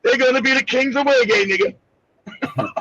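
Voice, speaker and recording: A man giving brash, mocking casual commentary, loud and profane, laughing often and breaking into shouts. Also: very high voice, unhurried, dry recording. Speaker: co-host. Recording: slightly dull lo-fi sound.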